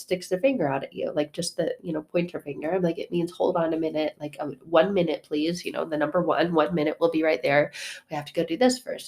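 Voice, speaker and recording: Lowish-voiced woman telling a story, chatty and animated, lots of "like" and "um". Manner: animated, swings from hushed to loud, lots of fillers. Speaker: podcast host. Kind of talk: casual storytelling.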